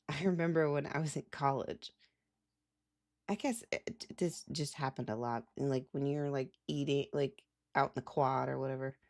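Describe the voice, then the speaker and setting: A woman's voice: a bass voice, a little mellow. A young adult woman live streamer chatting casually, rambling with lots of "like" fillers and laughs. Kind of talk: casual chat.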